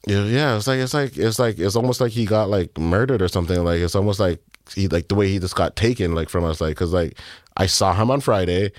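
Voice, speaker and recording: A man in his thirties with a very low voice, recorded close and dry with no room sound. As an interview guest he tells a personal story in halting, filler-heavy speech and acts out the lines of other people. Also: dry recording. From Canada. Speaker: music producer, guest.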